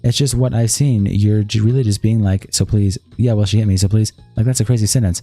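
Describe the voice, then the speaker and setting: A man streaming, reading a long text-message exchange aloud in a rapid, flat read-through. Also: fairly low pitch, faint music behind.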